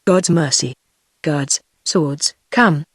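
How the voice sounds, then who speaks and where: A woman's voice: low-pitched, no room sound, clean studio sound, heavily acted. A text-to-speech voice of a woman with a British accent, reading the lines of a terrified old court lady in an audiobook. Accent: British English. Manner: even, measured synthetic delivery.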